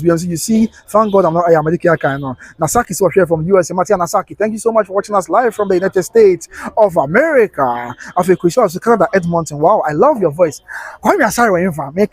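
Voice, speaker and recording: A man's voice: fairly high pitch, slightly rough, no room sound. A man with a Ghanaian accent hosting a live stream, chatting in a casual mix of English and Twi, reading viewer comments and breaking into snatches of song. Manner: chatty, breaks into singing snatches, laughs often.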